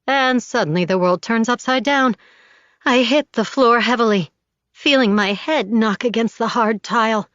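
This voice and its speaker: A woman narrating a first-person audiobook in an intimate, steady storytelling voice, on a slightly dull recording. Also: on the high side, moderate pace, no room sound.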